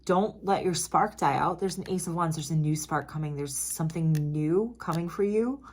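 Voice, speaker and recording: A woman with a notably low-pitched voice reads tarot cards in an easy, conversational flow. She is emphatic and chatty, dropping frequent asides and apologies along the way. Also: normal speed, darkish tone. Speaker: tarot reader. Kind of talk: casual tarot reading to camera.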